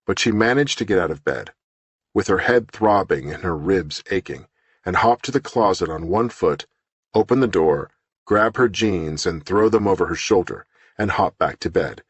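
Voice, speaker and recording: A man reading an audiobook novel in scripted narration with an even, steady delivery, close to the microphone. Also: low-pitched, slightly rough, no room sound.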